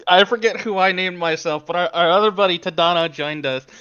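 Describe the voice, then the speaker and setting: A man's voice: high-pitched, fairly quick, sharp tone, smooth. A man co-hosting a podcast, telling game stories in casual chat, laughing and swearing freely. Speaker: podcast co-host. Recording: dull lo-fi sound.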